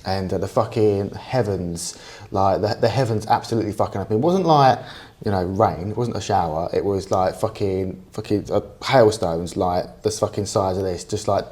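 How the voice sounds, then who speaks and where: A man's voice: low voice, normal speed, a little mellow. Rambling, swearing man. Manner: rambling, swears a lot, many restarts. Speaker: podcast co-host. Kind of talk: casual banter.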